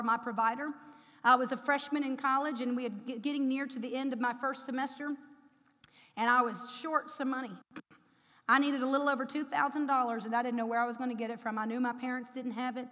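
A woman preacher telling a personal testimony in a sermon, rising to loud, emphatic preaching. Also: sits high, fairly even intonation, fast. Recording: long hall reverb.

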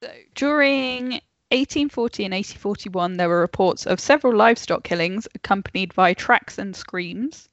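A woman's voice: mid-range voice, moderate pace, hardly any pauses, no room sound. Woman reading lore on a call. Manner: reads facts, laughs off interruptions. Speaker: podcast co-host telling the story. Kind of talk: casual chat over a video call. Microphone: video call. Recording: dull lo-fi call audio.

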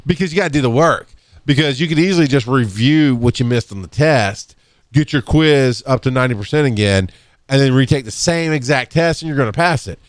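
A man hosting a casual podcast and speaking as an EMS educator. He talks bluntly, laughs often and clears his throat now and then. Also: fairly quick, no echo, clean studio sound. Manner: blunt and animated, swings up in pitch when fired up.

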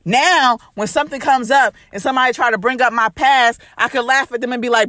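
A woman's voice: on the high side, brisk, hardly any pauses, sharp tone, no echo, clean studio sound. A woman hosting a podcast as a life coach, giving an emphatic, repetitive motivational talk to her listeners. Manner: preachy, emphatic, repetitive, uses "baby".

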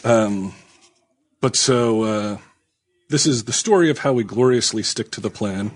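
A man's voice: fairly low pitch, unhurried. A man hosting a podcast, trading crude jokes and laughing in casual chat. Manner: jokey, laughing, crude banter. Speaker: podcast host.

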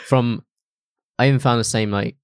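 A man, asking questions in a relaxed, chatty conversation among friends. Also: mid-range voice, normal speed, smooth, no room sound, studio quality. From Essex, England. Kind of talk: casual chat among friends.

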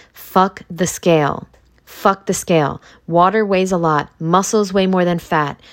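A woman hosting a motivational podcast who talks in a blunt, emphatic, profane way. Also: lowish voice. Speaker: podcast host.

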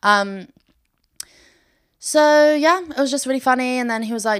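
Sitting on her bedroom floor, a young woman hosts a podcast in bubbly, oversharing casual chat, often laughing between sentences. Her medium-pitched voice is fairly bright, and she talks briskly with long pauses.

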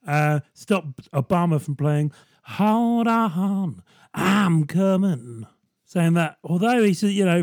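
A man riffing in a loose, sardonic comedy monologue, chuckling at his own lines. His voice sits slightly high for a man. The sound is dry and close, with no room at all. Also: darkish tone, no room sound. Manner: rambling, sardonic, laughs at his own jokes. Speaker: comedy podcast host.

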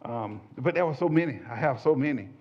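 A man recounts a church testimony to a small group, speaking in a folksy, animated storytelling way at a middling pitch. The recording is muffled and lo-fi. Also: fairly quick, husky. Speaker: church minister giving a testimony. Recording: dull lo-fi audio.

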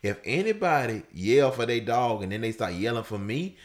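A man in casual conversation telling a personal story, loose and full of fillers, his voice leaping high when he acts out people shouting. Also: moderate pace. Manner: animated storyteller, voice jumps up high for quoted shouts. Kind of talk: casual chat.

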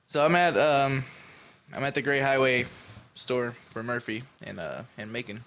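A man's voice: medium pitch, normal speed, a bit bright. A man telling a story in a casual chat, laid-back and profane, rambling with fillers.

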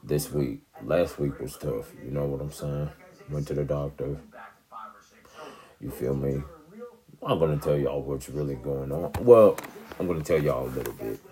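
Speaking to camera, this male vlogger has a very deep, warm voice and a normal speed, though he pauses often. He rambles casually and easily, repeatedly asking his viewers "you know what I'm saying."

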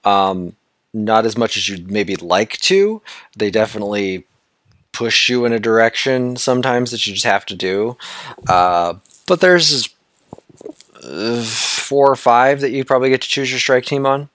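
A man's voice: fairly low pitch, unhurried, fairly bright tone, no room sound, clean studio sound. A man co-hosting a casual podcast about a video game, rambling and laughing easily as he talks. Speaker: podcast co-host.

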